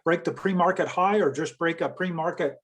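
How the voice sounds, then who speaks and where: Male student, halting questioner, high-pitched voice. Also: slightly rough. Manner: halting, repeats words when starting. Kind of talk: casual Q&A.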